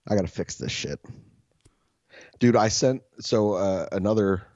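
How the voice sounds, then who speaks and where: A man's voice: on the low side, animated, a little slow, darkish tone, no echo, lo-fi sound. A young man co-hosting a podcast, telling profane, self-mocking stories in a casual chat. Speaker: podcast co-host.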